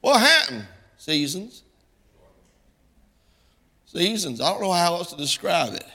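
A middle-aged man preaching a sermon in a folksy style that climbs into impassioned, shouted passages. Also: on the high side, expressive, takes it slowly, big-room sound.

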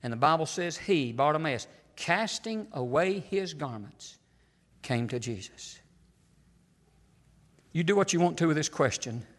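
Shouting preacher in a reverberant church. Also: male voice, on the high side, expressive, measured pace, pauses often. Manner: shouting preacher, swinging from loud cries to near-whispers. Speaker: pastor. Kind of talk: fiery sermon. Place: church sanctuary. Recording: long hall reverb.

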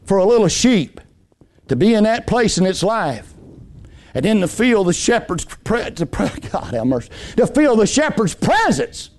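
A male preacher delivering an impassioned sermon, telling folksy homespun stories and swinging between loud high emphasis and low hushed lines. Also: big pitch swings, a little slow. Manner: folksy storytelling with homespun anecdotes.

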